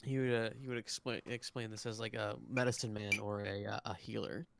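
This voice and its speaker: A man's voice: fairly low pitch, fairly even intonation, fairly quick, creaky, fairly bright tone. A man narrating as game master of a tabletop game on a live stream, rambling through scenes with frequent fillers. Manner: rambling, many fillers and restarts. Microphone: close desk mic, online stream.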